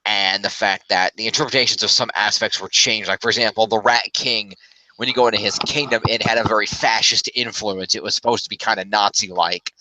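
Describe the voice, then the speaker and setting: A man's voice: fairly low pitch, sharp tone, dry recording, low-quality recording. A man chatting casually as a film reviewer, rambling and correcting himself as he goes. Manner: rambling, self-correcting, upbeat.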